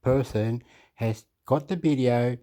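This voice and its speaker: A man ranting off the cuff as a video commentator, excitable and profane, repeating himself and often clearing his throat. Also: mid-range voice, slow. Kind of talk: rambling off-the-cuff rant.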